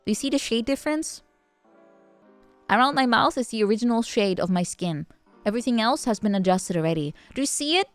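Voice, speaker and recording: A woman's voice: a little high, animated, no room sound, faint music behind. Chatty, laughing woman streamer. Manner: rambling, joking, quick to laugh. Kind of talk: casual chat.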